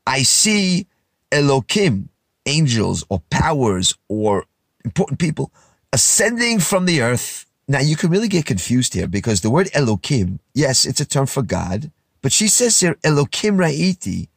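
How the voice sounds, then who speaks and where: A man teaching a verse-by-verse Bible lesson, reading lines and retelling them in casual, lively words. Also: medium pitch, moderate pace, creaky, husky, no echo, clean studio sound. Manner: animated, paraphrases verses in casual speech.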